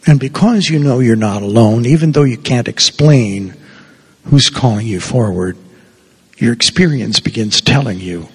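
Slow gravelly husky male preacher. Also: medium pitch. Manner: slow, earnest, drops to a soft hush for quoted words. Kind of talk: sermon. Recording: long reverb of a large hall.

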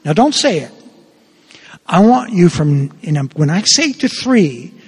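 Animated priest in an echoing hall. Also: male voice, measured pace, slightly rough. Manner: animated, acts out dialogue with big pitch swings. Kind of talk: sermon storytelling.

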